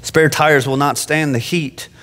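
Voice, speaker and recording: A man preaching an animated sermon from the pulpit, often restarting his phrases. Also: a little high, a little slow. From Phoenix. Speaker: pastor. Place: church sanctuary. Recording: long church-hall reverb.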